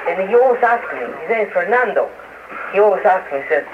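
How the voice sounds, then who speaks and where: High, animated man on crackly archival radio. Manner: halting, hesitant, many restarts and fillers. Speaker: interview guest. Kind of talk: casual interview talk. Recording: noisy lo-fi archival radio, phone-like.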